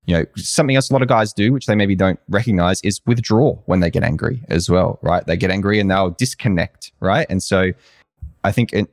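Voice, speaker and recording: A man's voice: deep voice, brisk, no echo, clean studio sound. A man in a casual conversation, speaking reflectively and thoughtfully, with frequent fillers.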